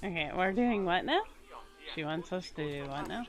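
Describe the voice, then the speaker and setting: A woman's voice: on the low side, animated, moderate pace. A woman streaming a zoo game, chatting casually, giggling and playfully talking to herself. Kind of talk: casual live-stream commentary.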